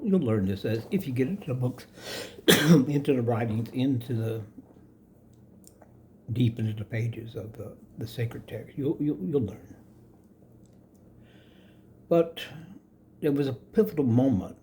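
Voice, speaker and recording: A man's voice: mid-range voice, animated, a little slow, mellow, a little hiss or hum. An older man giving a rambling, casual spoken lesson on yoga, chuckling often and correcting himself as he goes. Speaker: yoga teacher.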